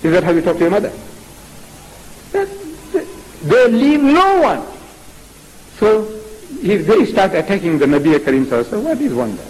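Male Islamic preacher, religious lecture, high voice, lively pitch, animated, rhetorical questions. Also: a little fast, long pauses, a little hiss or hum, low-quality recording.

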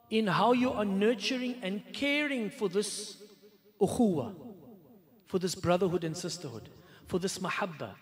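A man giving a sermon, reciting Arabic verses and translating them, with many rhetorical questions. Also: high voice. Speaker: preacher.

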